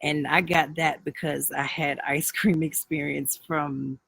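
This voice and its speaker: Gravelly man telling his story. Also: fairly high pitch, level tone, unhurried, fairly bright tone, poor audio. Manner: rambling and candid, with many fillers and restarts. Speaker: livestream host. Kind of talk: casual personal storytelling on a live video.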